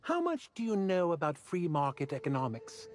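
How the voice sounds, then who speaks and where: A fussy, self-important auditor hands out jobs in a video game, his pitch swinging up and down a lot as he talks. He speaks in stiff, formal corporate terms, over a faint hiss. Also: huge pitch swings, normal speed. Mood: pompous. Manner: pompous, formal. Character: fussy male corporate auditor quest-giver.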